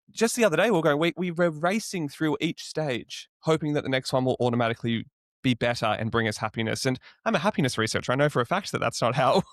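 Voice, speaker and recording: A man's voice: medium pitch, fairly bright tone, no room sound, clean studio sound. A young man hosting a podcast interview, asking earnest, reflective questions. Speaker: podcast host.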